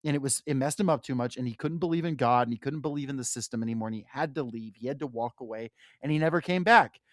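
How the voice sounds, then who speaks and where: A man's voice: mid-range voice, fast, no echo, clean studio sound. A young man co-hosting a podcast, discussing a novel in a loose, profane way with many fillers. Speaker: podcast co-host. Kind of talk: casual book discussion.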